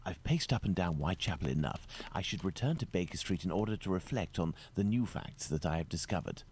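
Deep, gravelly Sherlock Holmes. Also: male voice, animated, a little mellow, slight background noise. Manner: polite, measured. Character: Sherlock Holmes, male detective, calm and inquisitive. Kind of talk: video game voice acting.

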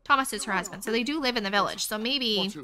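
A woman hosting a gaming video, talking through her play in a chatty, excitable way as she thinks aloud to viewers. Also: a little high, fast, a loud crowd. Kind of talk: casual let's-play commentary.

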